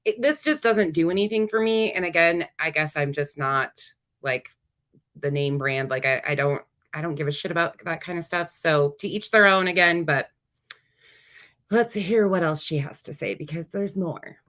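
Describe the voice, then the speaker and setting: A woman's voice: deep voice, normal speed, fairly bright tone. A woman hosting reaction commentary, talking bluntly and casually with frequent fillers. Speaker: commentary host.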